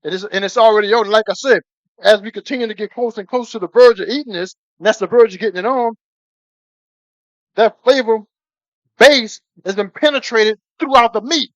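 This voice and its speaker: A man cooking on a live stream, talking excitedly to his viewers, calling them baby again and again and breaking into whoops. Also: high-pitched, brisk, no room sound. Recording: dull lo-fi stream audio.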